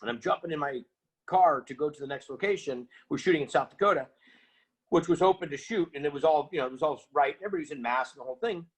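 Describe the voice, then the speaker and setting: A middle-aged man, an interview guest, telling an animated story and acting out the voices of people in it. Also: fairly high pitch, fast, slightly rough. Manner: energetic, acts out quoted voices.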